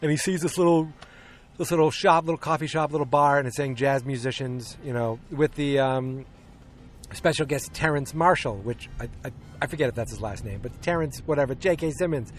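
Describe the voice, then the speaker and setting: A man's voice: on the high side, brisk. A man hosting a podcast, casually recapping a film in a rambling, hesitant way, full of ums and restarts, and acting out the quoted lines. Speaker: podcast host.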